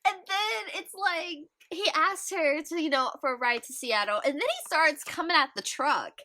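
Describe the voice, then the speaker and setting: Female podcast co-host, high and bright, expressive and exasperated in casual chat. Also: normal speed. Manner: exasperated, expressive, sighs and groans. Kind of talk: casual book discussion.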